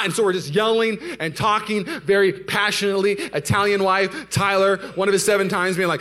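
A young male pastor telling a story in a sermon, swinging from loud outbursts to hushed asides before a congregation. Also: high-pitched, fast. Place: church sanctuary before a live audience.

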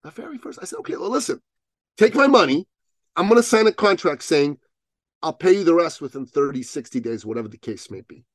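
A man telling a story as a podcast guest, acting out both sides of the dialogue with rising, loud peaks. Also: fairly high pitch, expressive, a little fast, dry recording, studio quality. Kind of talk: animated storytelling in an interview.

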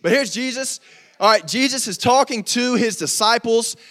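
A man's voice: very high-pitched, normal speed, a bit bright. A young man preaching a casual youth sermon, joking and talking straight to the crowd in a church room. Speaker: youth pastor.

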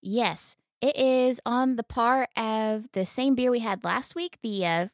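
A woman's voice: fairly high pitch, slow, no room sound, studio quality. A woman co-hosting a casual podcast, talking in an enthusiastic, teasing way. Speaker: podcast co-host.

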